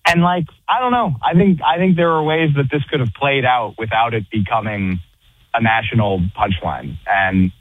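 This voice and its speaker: A man's voice: medium pitch, moderate pace, no room sound. A man ranting in exasperation during a casual chat, calling in from a rooftop. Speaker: guest podcast co-host. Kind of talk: casual chat over a call. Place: on a roof. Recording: tinny phone-like line.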